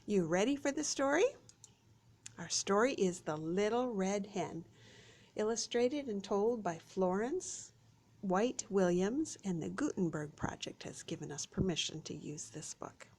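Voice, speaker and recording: A library storyteller, a woman, reads to small children in a slow, unhurried way. Her pitch swoops up and down with lively expression, and she sometimes drops to a hushed whisper for suspense. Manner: animated, sing-song, drops to a whisper for suspense.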